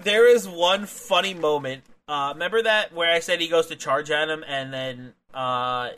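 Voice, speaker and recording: A young man chats on a wrestling podcast, recapping a match move by move. His voice is a touch high and bright. He is excitable, laughs often and swears freely. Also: normal speed.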